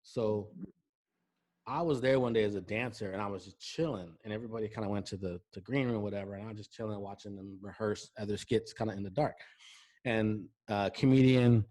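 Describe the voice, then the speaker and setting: A man's voice: fairly low pitch, brisk. Chatty male host telling anecdotes. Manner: lively anecdotes, keeps checking in with "right?". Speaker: talk show host. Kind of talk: casual storytelling interview chat.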